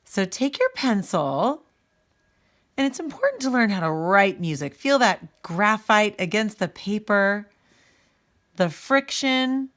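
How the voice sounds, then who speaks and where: A woman's voice: mid-range voice, sing-song, slow, fairly bright tone. A woman music teacher giving a recorded lesson, patiently explaining step by step and speaking straight to her students.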